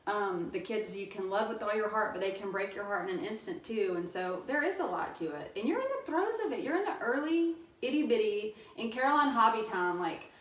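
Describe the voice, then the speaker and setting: A woman's voice: mid-range voice, lively intonation, a little fast, few pauses. Woman guest, 30s, chatty storyteller, roomy echo, distant mic. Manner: chatty storyteller, laughs often. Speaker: podcast guest. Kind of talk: casual podcast chat.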